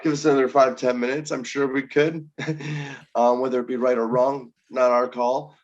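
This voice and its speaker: A man's voice: medium pitch, level tone, normal speed, muffled recording. A man co-hosting a casual review chat, loose and joking, with many hesitations. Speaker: co-host.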